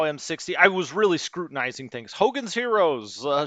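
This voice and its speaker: A man's voice: on the high side, big pitch swings, a little fast, few pauses, bright, forceful tone, no room sound, muffled recording. A man streaming a strategy wargame, muttering through unit numbers and chatting with his live chat. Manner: thinks aloud, muttering over unit numbers.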